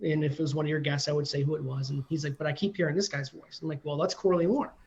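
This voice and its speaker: A firefighter in his forties chats as a guest and tells a long story, filling gaps with ums and you-knows. His voice is a bit high for a man. The audio comes through dull and lo-fi, like a call. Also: fairly even intonation, racing, gravelly. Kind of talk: casual interview storytelling.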